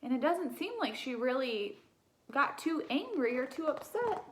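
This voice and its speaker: A young woman reading a children's picture book aloud as a teacher, gentle and animated, pausing to ask her listeners questions. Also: high voice, a little hiss or hum.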